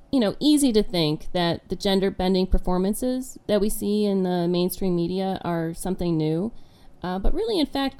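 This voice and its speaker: A woman interviewer poses a question to her guest with engaged curiosity. Her voice is mellow and warm, in a middle register. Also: mid-range voice. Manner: asks questions in an engaged, inquisitive way. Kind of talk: radio interview.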